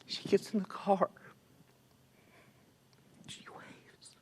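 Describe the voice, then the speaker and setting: A man whispers very slowly in a slightly mellow voice as he tells of a personal loss in a casual church interview. Tearful and moved, he repeats what he and others said, and the clip is from the church's stream.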